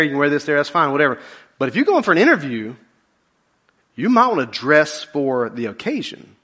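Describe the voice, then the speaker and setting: A male pastor preaching with a lilt and a bright, ringing tone. His pitch swings widely as he jokes with the congregation, then sinks low and slow to drive home a point. The delivery is animated throughout. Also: breathy edge. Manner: drops to a low, slow intensity for key points. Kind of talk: sermon.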